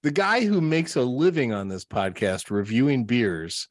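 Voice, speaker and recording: A man's voice: mid-range voice, animated, normal speed, dry recording, clean studio sound. A man co-hosting a podcast, wryly needling the others in casual chat. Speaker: podcast co-host.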